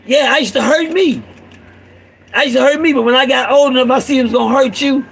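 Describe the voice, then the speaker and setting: A middle-aged man, a father speaking to other fathers, delivering an impassioned street-sermon monologue that repeats itself and swings between raised urging and a low growl. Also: animated, fairly quick, vocal fry, slight background noise, poor audio.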